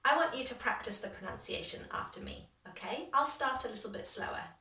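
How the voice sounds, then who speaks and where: Woman english teacher, bright high-ish voice, encouraging, echoey room, a bit off mic. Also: expressive, fairly quick, distant mic. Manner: clear, encouraging, exaggerated rising intonation on model phrases. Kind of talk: language lesson, modeling phrases to repeat.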